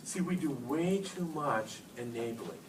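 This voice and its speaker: A man in his fifties giving a lively, joking talk to an audience of educators, acting out phone calls as he tells stories. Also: mid-range voice, a little slow. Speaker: speaker at an education workshop. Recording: roomy hall, speaker far from mic, noisy.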